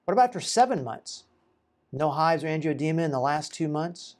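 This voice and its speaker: A chiropractor talking through a patient's case in an informal, conversational way, asking rhetorical questions and pausing on fillers. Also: male voice, on the high side, sing-song, darkish tone. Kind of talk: informal educational talk to camera.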